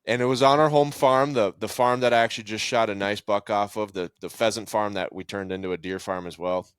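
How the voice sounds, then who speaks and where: A man with a fairly low voice hosts a relaxed podcast chat. He talks in an easy, friendly way and tells stories with lines spoken as other people. The recording is dry and close. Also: a little fast, clean tone, dry recording. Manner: relaxed and friendly, laughs along, retells stories with voiced quotes. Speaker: podcast host. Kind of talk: casual conversational podcast.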